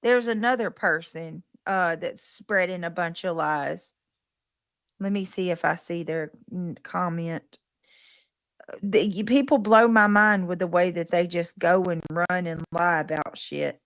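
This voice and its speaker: A woman's voice: fairly low pitch, measured pace, a bit bright, no echo. Woman streamer, indignant rant, swears a lot, stumbles and restarts, dry close sound. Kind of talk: casual livestream rant.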